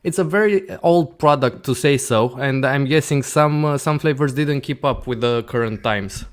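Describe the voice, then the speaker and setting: A man's voice: mid-range voice, normal speed, smooth. A man whose first language is Romanian, hosting and interviewing a guest in English, often rephrasing and summarizing the guest's answers. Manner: steady questioner, rephrases and summarizes the guest's points. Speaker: channel host interviewer. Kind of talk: interview questions.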